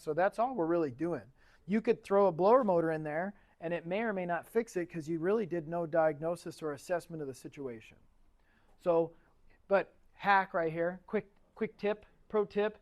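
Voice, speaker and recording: Brief: male shop-class instructor, higher-pitched voice, loose and conversational, quizzes the room. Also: moderate pace. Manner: chatty, asks the class questions. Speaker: automotive instructor. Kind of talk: casual classroom lecture.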